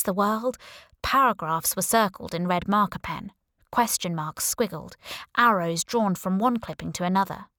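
Woman reading an audiobook, wry and sardonic, dry close mic, middle pitch. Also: no room sound. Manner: wry, sardonic, lively storytelling. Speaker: audiobook narrator. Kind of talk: first-person audiobook narration.

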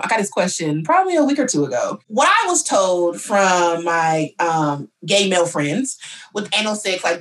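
A woman hosting a casual chat, talking fast and chatty while asking guests questions. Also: lowish voice, distant mic. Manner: chatty, animated, quick talker. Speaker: podcast host.

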